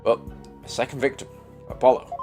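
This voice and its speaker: A man's voice: brisk, over music. Sniffly, swearing man reacting to a game. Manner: emotional, swearing, sighing and groaning reactions. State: stuffy nose, sniffly. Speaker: gaming streamer. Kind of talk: let's play reading game lines aloud.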